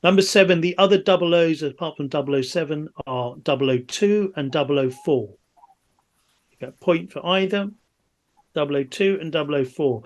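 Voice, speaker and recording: A man acting as quiz master on a video call, reading out answers briskly with jokey asides. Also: fairly high pitch.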